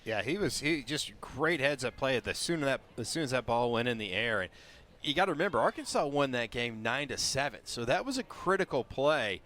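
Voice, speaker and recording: A man giving relaxed color commentary on a baseball game, explaining plays. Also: medium pitch, a little fast. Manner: relaxed, explanatory, many fillers. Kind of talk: live baseball analysis.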